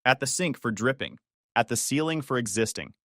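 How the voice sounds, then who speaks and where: A man reads a scripted first-person story in a bitter, matter-of-fact tone, animated and fairly quick. His mid-range pitch moves around a lot, with a fairly bright tone and a dry, close sound with no room sound.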